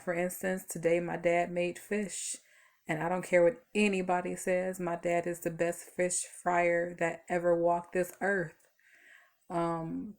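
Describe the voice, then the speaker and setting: A tired woman vlogging casually from home, rambling through stories with lots of fillers. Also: on the low side. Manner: chatty, rambling storytelling with fillers. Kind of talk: casual talk to camera.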